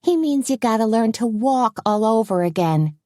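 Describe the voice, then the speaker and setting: A woman's voice: fairly high pitch, lively intonation, normal speed, mellow, dry recording, clean studio sound, pitched above the performer's own voice, natural voice. A woman reading an audiobook, voicing a brash, anxious woman who scolds her husband in a raised voice. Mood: exasperated. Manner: bossy, exasperated.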